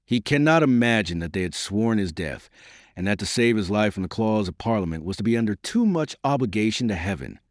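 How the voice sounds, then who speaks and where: A man voicing a humble, gossipy royal falconer who speaks low and confiding in an audiobook. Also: expressive, fairly quick, dry recording, studio quality, lightly acted. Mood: lamenting.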